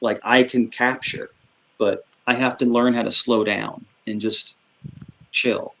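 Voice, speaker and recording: A middle-aged man from Queens with a New York accent, chatting casually on a stream and switching between quick talk and slow, calm speech. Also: mid-range voice, creaky, poor audio. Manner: chatty, with many fillers. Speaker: stream panelist. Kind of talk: casual group chat on a stream.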